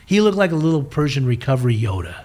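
A man telling his life story as a guest in an interview, animated and acting out the voices of the people he quotes. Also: medium pitch, fast talker. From southern California.

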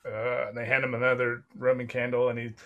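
A man's voice: mid-range voice, completely flat delivery, highs cut off. Laid-back young man running a game. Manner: casual and laughing, acting out the figures in quick bits. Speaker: game master. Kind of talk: narrating a tabletop game.

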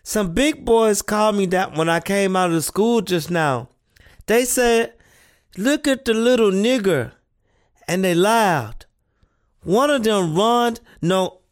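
A woman voicing an earnest, thoughtful seven-year-old boy, who speaks slowly and questioningly in an audio play reading. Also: mid-range voice, lively intonation. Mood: hurt. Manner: slow, earnest childlike questioning.

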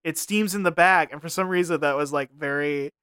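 A man with a fairly high, smooth voice co-hosts a casual podcast. He jokes and laughs often and keeps throwing in quick asides. The sound is close and dry, with no room echo. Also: pushed and bright. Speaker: podcast co-host.

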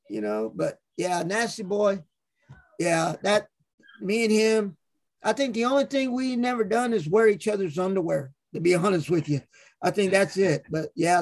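A man's voice: high-pitched, normal speed, gravelly. A man hosting a podcast, telling stories casually with lots of profanity and acted-out quotes. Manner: profane, animated storyteller acting out quotes. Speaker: podcast host. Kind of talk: casual storytelling.

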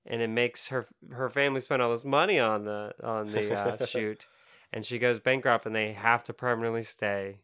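Bright, smooth-voiced man chatting. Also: mid-range voice, steady tone, normal speed. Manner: laughs often, loose and chatty. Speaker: podcast co-host. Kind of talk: casual chat about comics.

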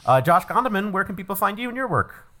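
A man's voice: high-pitched, big pitch swings, fast, sharp tone. A man hosting a comedy quiz podcast, joking breezily as he wraps up and reads the plugs. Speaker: quiz show host.

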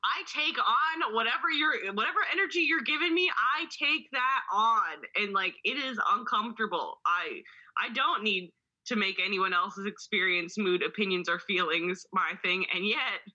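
A woman's voice: mid-range voice, moderate pace, pushed and bright, husky, muffled recording. A woman co-hosting a podcast in casual chat, chatty and laughing often, reading passages aloud. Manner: chatty, laughs often, calls listeners baby. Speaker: podcast co-host.

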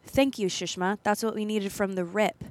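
A woman's voice: mid-range voice, fairly even intonation, normal speed, darkish tone. A woman co-hosting a podcast, telling a story in casual chat and acting out the people she quotes. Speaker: podcast co-host.

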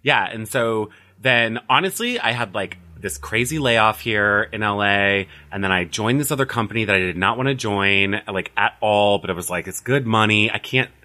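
Guy telling a story on a podcast, says like a lot, kinda low but bright voice. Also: moderate pace, hardly any pauses. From United States. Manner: chatty, many "like" fillers, laughs while telling a story. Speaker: astrologer, podcast guest. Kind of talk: casual storytelling interview.

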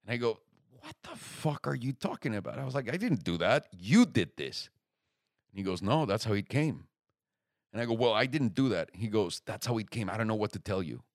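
A young man telling a story in casual chat, lively and swearing freely, acting out the other people's lines. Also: on the low side, a little fast, no room sound, studio quality. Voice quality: animated storyteller, swears freely, acts out quoted voices.

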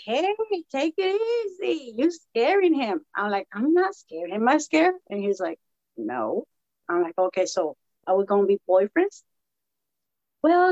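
A woman tells her story with lively, acted-out dialogue. Her voice sits a little high. The sound is muffled and dry, with no room echo. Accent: Latina American English. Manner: animated, acts out quoted dialogue. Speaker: podcast guest. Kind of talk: casual storytelling chat.

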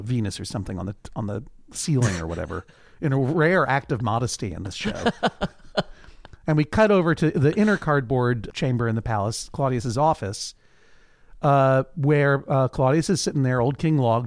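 A man's voice: mid-range voice, animated, moderate pace, no room sound, studio quality. A man co-hosting a podcast, recapping a TV episode in casual chat and acting out quotes in joking voices. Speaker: podcast co-host.

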